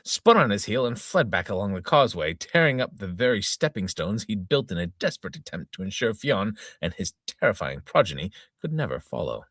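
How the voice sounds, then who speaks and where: A man's voice: on the low side, very animated, fairly quick, hardly any pauses, a bit bright, no echo, studio quality. A middle-aged man hosting a casual reading podcast, reading a comic news-style story aloud in a mock-dramatic newsreader tone, stumbling and restarting over words. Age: 40s to 50s. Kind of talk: casual read-aloud with tongue-in-cheek news delivery.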